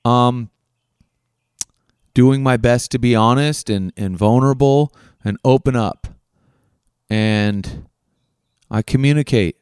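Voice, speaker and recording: A man delivers an earnest self-help monologue as a podcast host, coaching the listener with question after question and swearing casually. His voice is smooth and resonant at an ordinary pitch. The sound is dry and close. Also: darkish tone, dry recording.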